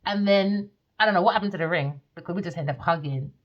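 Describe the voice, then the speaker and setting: A woman who reads tarot, telling dream stories in a blunt, animated way and swearing freely. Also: lowish voice, fast, muffled recording. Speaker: tarot reader. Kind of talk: casual storytelling monologue.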